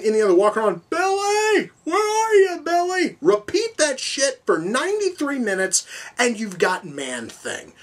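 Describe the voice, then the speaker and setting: A man's voice: fairly high pitch, a bit bright. A man giving a casual, profane, exasperated film review, rambling as he goes.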